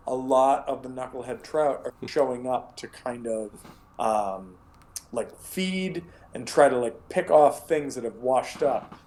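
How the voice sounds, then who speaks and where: A man's voice: mid-range voice, darkish tone, poor audio. A man narrating as game master of a tabletop game, casual and profane, rambling with restarts.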